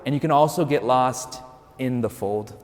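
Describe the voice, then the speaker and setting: Male priest, mid-range voice, casual storyteller with dry humor, booming church reverb. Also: normal speed, darkish tone. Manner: conversational, lightly joking storytelling. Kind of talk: sermon.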